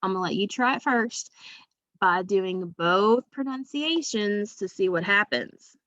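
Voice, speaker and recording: A woman's voice: mid-range voice, animated, measured pace, a bit bright, dry recording, lo-fi sound. A woman teacher giving a phonics lesson to young children, patient and drawing out each sound.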